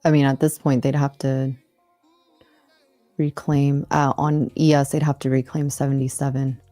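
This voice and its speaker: A woman hosting a live trading stream, analyzing charts quickly and cursing under her breath. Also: rumbling low, level tone, warm tone, no room sound, soft background music. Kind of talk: casual live trading commentary.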